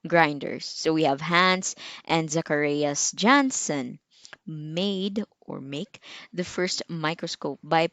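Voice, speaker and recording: Teacher: young Filipino woman, low voice, unhurried, chatty lecture with asides and quiz questions, dry close sound. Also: dry recording. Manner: chatty, with fillers and self-asides, quizzing students. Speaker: medical technology teacher. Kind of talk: recorded online lecture.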